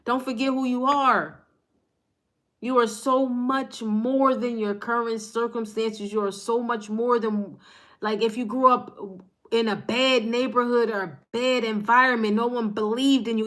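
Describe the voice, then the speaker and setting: With a fairly bright voice on the high side, a woman at her home table streams a passionate motivational card reading from her phone. The spiritual reading is intense, and she keeps repeating lines to stress them.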